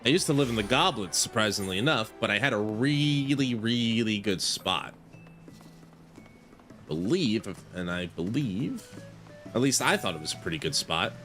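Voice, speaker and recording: A man's voice: fairly low pitch, lively intonation, moderate pace, fairly bright tone, soft background music. A man chatting casually to his viewers while streaming a game, rambling and correcting himself as he goes. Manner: rambling, self-correcting, talks to chat. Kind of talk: casual gaming stream chat.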